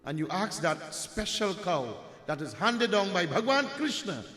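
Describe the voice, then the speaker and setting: A man's voice: sits high, sing-song, unhurried, pushed and bright. A man from Trinidad with a Trinidadian accent, telling a devotional story as a sermon in a rhetorical manner. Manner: rhetorical, addresses "my dear friends", asks "huh?". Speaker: Hindu preacher telling a katha. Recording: echoey hall with long reverb.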